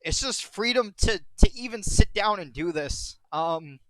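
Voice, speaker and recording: Tearful, halting young man streaming. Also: sits high, animated, fairly bright tone, no room sound. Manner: rambling, halting, emotional, repeats himself. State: tearful, on the verge of crying. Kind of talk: emotional live-stream monologue.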